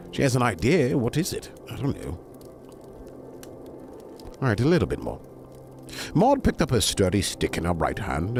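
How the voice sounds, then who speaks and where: A man's voice: fairly low pitch, background noise. Chatty man reading a bedtime story. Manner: chatty, digressing asides.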